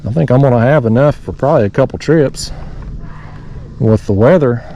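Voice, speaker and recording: A man's voice: medium pitch, normal speed, dark tone, slight background noise. Folksy man talking from a kayak. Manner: folksy, rambling, talks to viewers. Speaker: fishing vlogger. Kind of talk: casual narration while fishing. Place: kayak on a lake below a dam, outdoors.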